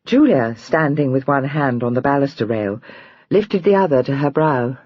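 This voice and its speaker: A woman narrating a historical romance audiobook in a measured, expressive storytelling manner. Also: rumbling low, breathy edge, no room sound. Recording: dry, slightly dull recording.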